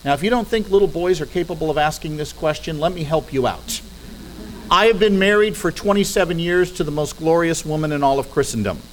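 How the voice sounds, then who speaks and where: A man's voice: on the high side, fairly quick, a little hiss or hum. A middle-aged man giving a persuasive talk from a podium in a church hall, asking rhetorical questions and adding dry humorous asides. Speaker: guest speaker.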